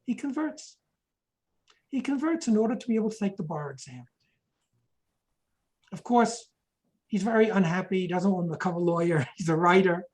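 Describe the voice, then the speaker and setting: A woman's voice: medium pitch, lively intonation, moderate pace, long pauses, a little mellow, poor audio. A woman giving a history lecture, explaining points and reading quotations aloud, sometimes correcting herself mid-sentence.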